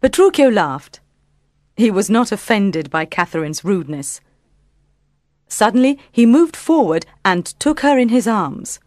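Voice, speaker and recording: A woman narrating a storybook audiobook in a calm, clear reading voice. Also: mid-range voice, measured pace, no room sound, studio quality.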